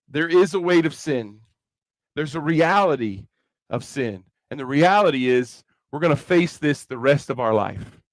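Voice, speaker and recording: A man with a Kentucky accent preaches to young people in a high, bright voice, mixing jokes into the sermon. The sound is dry and close, with no room echo. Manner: chatty, joking, animated preaching. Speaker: youth rally speaker. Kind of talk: conversational sermon with comic asides.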